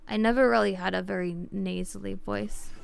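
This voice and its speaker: Chatty young woman streamer, crisp and dry. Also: medium pitch, steady tone, brisk, no echo. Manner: rambling, heavy use of "like", explains with restarts. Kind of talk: casual live-stream chat, answering viewers.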